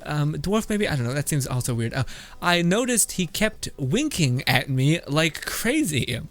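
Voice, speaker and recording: A man's voice: fairly high pitch, big pitch swings, unhurried. A man streaming his reactions to memes in a casual, blunt, swear-filled way, laughing often. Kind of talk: casual commentary.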